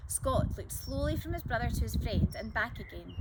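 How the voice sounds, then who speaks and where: A woman storyteller reading a children's chapter book aloud in a lively, expressive way. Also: on the high side, moderate pace, few pauses, background noise.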